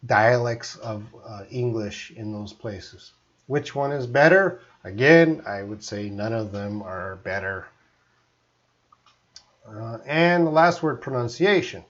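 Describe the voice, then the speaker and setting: A man's voice: mid-range voice, animated, slow pace, fairly bright tone, dull audio. A Canadian man, an English teacher, chatting through a live-streamed lesson and reading out viewer comments.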